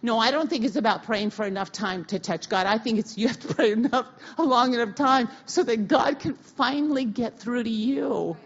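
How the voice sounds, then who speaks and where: A middle-aged woman pastor giving a conversational sermon, telling a personal story in a lively, casual way with slang and restarts. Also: on the high side, moderate pace, few pauses. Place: church sanctuary. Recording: dull, lo-fi audio of a church talk.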